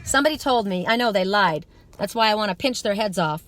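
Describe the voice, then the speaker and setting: A woman's voice: mid-range voice, lively intonation, fast talker, a bit bright, soft background music. A woman giving a live psychic card reading to her viewers outdoors at dusk, talking in an earnest, rambling, spiritual way.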